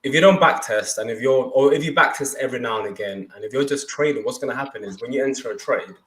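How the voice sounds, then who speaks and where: Energetic man in an echoey room. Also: mid-range voice, quick pace. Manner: energetic, often restarts sentences. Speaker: trading livestream co-host. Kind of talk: casual livestream talk.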